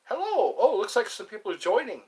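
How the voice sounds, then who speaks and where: A man's voice: fairly high pitch, very animated, takes it slowly, heavy background noise. A man hosting a casual livestream, rambling between topics and greeting viewers as they join. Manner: rambling, drifts between topics and hums snatches of songs. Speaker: livestream host.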